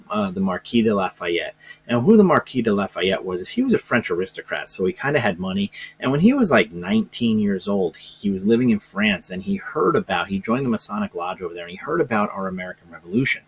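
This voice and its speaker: Husky-voiced man giving a rambling history lesson. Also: on the low side. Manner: rambling, hesitant, lots of fillers and restarts. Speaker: social studies teacher. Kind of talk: informal classroom lecture.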